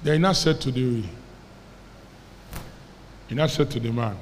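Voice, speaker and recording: A Nigerian pastor preaching, acting out the people in his story and having the congregation repeat lines back to him. His voice sits at a middle pitch and carries a long reverb from a large hall, with faint room noise behind it. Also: measured pace, pauses often. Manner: animated storyteller, quoting characters, calling on the congregation to repeat. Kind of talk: sermon storytelling.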